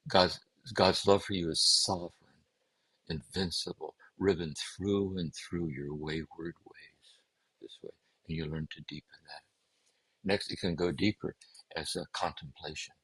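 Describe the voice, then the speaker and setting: A man speaking as a guest, giving a gentle, meditative talk on contemplative prayer and often circling back to repeat his phrases. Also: low voice, fairly even intonation, unhurried, long pauses, slightly rough, no room sound, poor audio. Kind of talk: reflective spiritual teaching.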